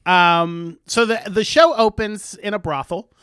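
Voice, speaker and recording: A man's voice: sits high, measured pace, fairly bright tone, clean tone, no room sound, clean studio sound. A man co-hosting a podcast, casually recapping a TV episode with many ums and uhs. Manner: filler-heavy storytelling, many ums and uhs. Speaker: podcast co-host.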